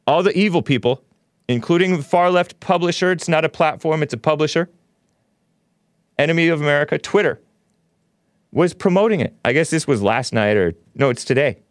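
A man's voice: fairly high pitch, no echo, clean studio sound. A man hosting a talk show, talking in a rambling, opinionated monologue with frequent chuckles. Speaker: show host.

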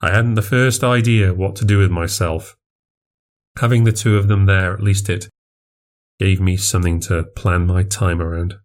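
Low-voiced man narrating a horror story. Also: steady tone, normal speed, darkish tone. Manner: confessional, plainspoken. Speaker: podcast narrator.

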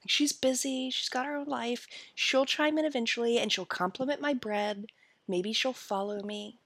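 A woman's voice: a little high, moderate pace, fairly bright tone, dry recording. A woman co-hosting a podcast, chatting casually and gushing with lots of fillers. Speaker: podcast co-host. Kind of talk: casual chat.

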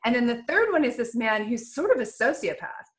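A woman's voice: fairly high pitch, very animated, brisk. Chatty woman host talking books. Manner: chatty, laughs easily. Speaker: podcast host. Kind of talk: casual podcast chat.

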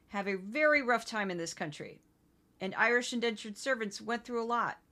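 A woman from Missouri hosts a solo commentary podcast. Her voice is bright and forward, and her middle pitch sits in the usual range. She speaks in an indignant, conversational way and keeps breaking off into quick asides. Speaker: podcast host.

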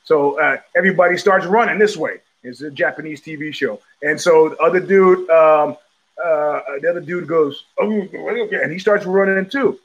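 A middle-aged man hosting his own live show from home, talking in loose digressions with frequent restarts, blunt profanity and quick laughs. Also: a little high, fairly bright tone, lo-fi sound. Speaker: podcast host. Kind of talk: rambling live-stream monologue.

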